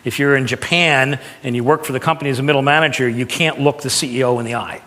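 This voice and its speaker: A man of middle pitch leads a live seminar on public speaking. He talks in a loose, animated way, leaning on words for emphasis. His voice carries a long reverb from a big hall. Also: quick pace. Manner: animated, conversational, demonstrates with emphasis. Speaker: presentation skills coach.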